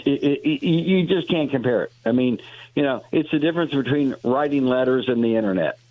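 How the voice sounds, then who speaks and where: A man in his sixties, a deli owner calling in to a radio show, talking in a halting way with many restarts. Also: medium pitch, dry recording. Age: 60s. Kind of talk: casual radio interview on the phone. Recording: dry tinny phone line.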